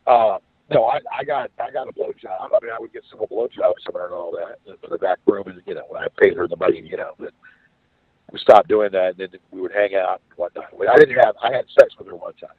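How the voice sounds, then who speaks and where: A man's voice: low-pitched, quick pace, husky, no room sound. A man casually telling a rambling, profane story and acting out the quoted voices of the people in it. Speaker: podcast guest telling a story. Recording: dry phone-like sound.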